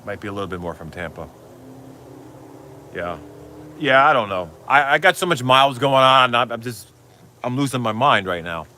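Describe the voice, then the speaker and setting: A man's voice: medium pitch, animated, moderate pace, pauses often, sharp tone, a little hiss or hum. A middle-aged man hosting a casual live stream, rambling, swearing freely and reading out viewer comments. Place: Florida, outdoors.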